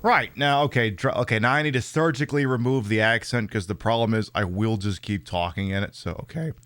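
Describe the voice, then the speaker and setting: A man's voice: on the low side, fairly quick, no room sound, soft background music. A man hosting a live stream, chatting casually and profanely about a game and his merch. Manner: profane, animated, rambling. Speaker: streamer host.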